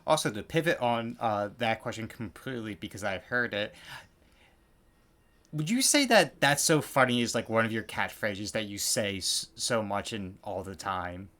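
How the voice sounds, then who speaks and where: A man's voice: on the low side, normal speed, a bit bright. A man hosting a casual interview, asking questions in a chatty way and laughing along with his guest. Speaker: podcast host.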